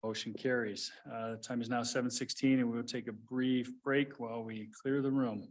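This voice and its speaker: A man's voice: mid-range voice, level tone, normal speed. Man chairing a town board meeting. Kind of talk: meeting procedure.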